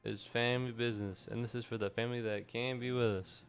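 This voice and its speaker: Excitable gravelly-voiced man streaming a game. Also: medium pitch, fast, soft background music. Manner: excitable, swears, jokes at the game. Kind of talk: casual gameplay commentary.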